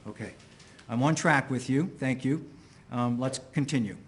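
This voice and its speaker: A man working as an attorney, questioning an expert witness in court with careful, deliberate phrasing and occasional restarts. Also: medium pitch.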